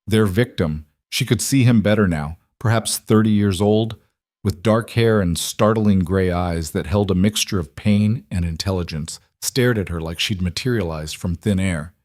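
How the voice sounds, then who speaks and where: A man with a low voice narrates a dramatic historical story in a steady, measured manner. The recording is dry and close, with no room sound. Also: dry recording. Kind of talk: scripted narration.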